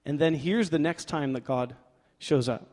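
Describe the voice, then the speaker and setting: A male pastor delivers a sermon in a slightly raised voice, talking to the congregation like friends, full of "like" and self-directed jokes. His delivery leaps between loud, emphatic bursts and soft asides. The sound rings with the long reverb of a big church hall. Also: on the high side, moderate pace. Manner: lively preaching, swinging from loud emphatic bursts to quiet asides; conversational with fillers like "like" and playful self-talk.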